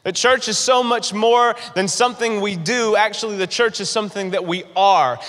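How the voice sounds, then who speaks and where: A man's voice: high voice, normal speed, hardly any pauses, a bit bright. A young man preaching a sermon, telling a personal story animatedly and acting out his own panic. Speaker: pastor. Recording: long hall reverb.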